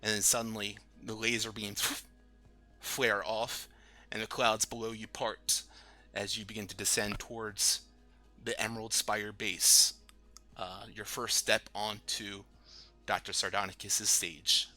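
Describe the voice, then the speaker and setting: A man narrating a tabletop game as game master, describing scenes with frequent pauses and fillers. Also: on the low side, flat delivery, bright, forceful tone, faint music behind.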